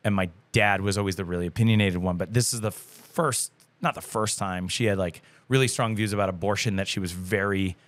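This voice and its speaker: Low-voiced man chatting loosely. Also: steady tone, brisk, hardly any pauses. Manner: loose and chatty, full of "like" and swearing. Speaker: guest musician, band vocalist. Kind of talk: casual podcast interview.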